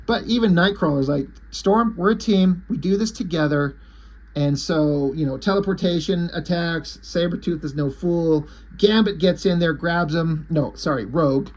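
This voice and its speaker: A man casually and enthusiastically recapping a comic story, swearing freely and reading out the characters' lines. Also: a little high. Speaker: comic book reviewer.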